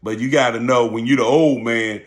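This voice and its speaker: An older man, a school teacher and channel host, telling a story in a calm, measured, preachy way. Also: mid-range voice. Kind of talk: casual talk to camera.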